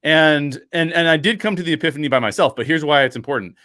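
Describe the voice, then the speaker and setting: A fast-talking man with a fairly high voice is a guest on an interview podcast, animatedly telling a personal story and acting out what other people said. He uses lots of fillers, restarts often and laughs frequently. The sound is dry, studio quality with no echo.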